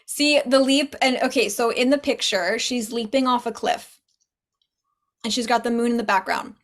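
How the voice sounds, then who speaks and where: An earnest woman spiritual teacher, guesting on a podcast. Her voice is a little higher than most, and she talks in quick bursts. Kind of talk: casual chat.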